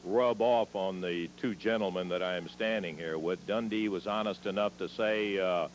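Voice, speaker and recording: A man interviewing wrestlers in a TV studio, measured and dry. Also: sits low, fairly even intonation, a little hiss or hum.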